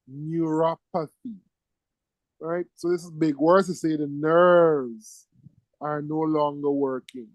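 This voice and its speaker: High-voiced doctor teaching. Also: male voice, a little mellow, no echo, low-quality recording. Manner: emphatic, repeats key words, checks in with "right?". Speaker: medical lecturer. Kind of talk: exam-prep lecture to students.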